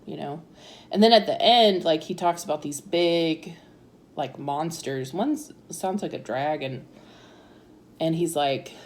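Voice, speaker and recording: A woman's voice: deep voice, measured pace. A woman in her thirties telling her personal story in a chatty way, full of fillers and frequent laughs. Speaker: interviewee sharing her story.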